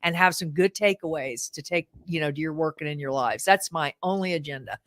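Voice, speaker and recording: A woman comedian as a guest in casual chat, telling stories in an animated, self-deprecating way. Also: deep voice, brisk, dry recording, studio quality.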